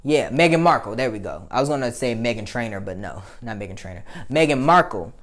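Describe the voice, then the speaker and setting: A woman's voice: rumbling low, lively intonation, fairly quick. A young adult woman, hosting a casual opinion commentary, blunt and heated, often profane, with many fillers. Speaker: commentary show host.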